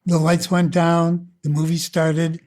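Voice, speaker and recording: Brief: easygoing male storyteller, slightly higher pitch, audiobook reminiscence. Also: monotone, takes it slowly, darkish tone. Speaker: filmmaker. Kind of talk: oral-history audiobook narration.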